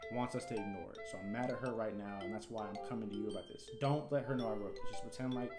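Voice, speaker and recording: A man's voice: lowish voice, fast talker, roomy sound, natural voice. A man reading out the lines of a blunt, prickly teenage girl from the club, plainly and matter-of-factly. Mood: worried. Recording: game music behind.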